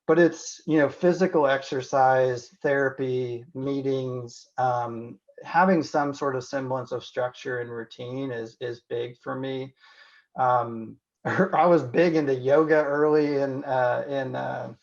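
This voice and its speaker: A man from Indiana talks through an interview in a reflective, candid way, often pausing on "you know" and starting sentences over. His voice has a gravelly edge, and the audio is dull and lo-fi. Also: medium pitch, fairly even intonation. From Indiana, USA. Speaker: physician and podcast guest.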